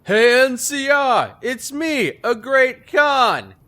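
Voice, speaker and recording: A man's voice: very high voice, big pitch swings, sharp tone, pitched above the performer's own voice, heavily acted. A man voicing a brash, joking male raider gang member with a Brooklyn accent during game commentary. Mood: taunting. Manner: punning, taunting, drawn-out delivery. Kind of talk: gameplay commentary role-play.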